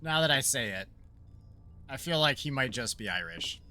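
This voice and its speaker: Lively rambling gamer guy. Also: mid-range voice, moderate pace, a little hiss or hum. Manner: rambling, joking, thinks out loud. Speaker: let's play streamer. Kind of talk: casual gameplay commentary.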